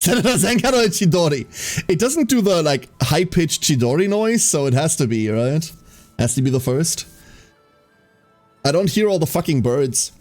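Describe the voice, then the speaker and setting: Male streamer, casual sweary play-by-play, lively up-and-down delivery. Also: a little high, moderate pace, faint music behind. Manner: sweary, wry play-by-play with laughs. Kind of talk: casual gaming commentary.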